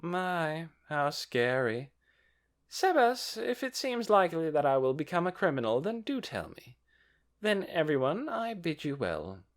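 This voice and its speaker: A man's voice: a little high, big pitch swings, normal speed, pitched above the performer's own voice. A man voicing a beautiful, haughty young woman who speaks in a bored, sweetly dismissive way in an audiobook. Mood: bored, aloof.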